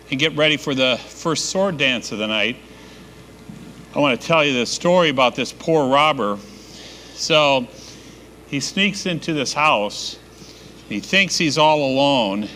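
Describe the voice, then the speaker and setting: Male emcee, bright tone, slightly high, rambling jokes, stage mic, faint background hum. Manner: loose, rambling and jokey. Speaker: master of ceremonies. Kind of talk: joke-telling emcee patter.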